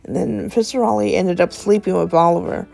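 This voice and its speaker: A woman's voice: mid-range voice, steady tone, brisk, vocal fry, dark tone. A woman narrating an improvised bedtime story in a meandering way, with fillers and self-corrections.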